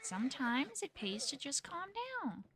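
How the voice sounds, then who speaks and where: Woman acting out a naive frontier girl, role-play game, folksy drawl, bright high voice, lively pitch, gentle coaxing. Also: a little slow, full character voice. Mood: soothing. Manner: folksy drawl with ain't and gotta; soothing, coaxing tone with animals.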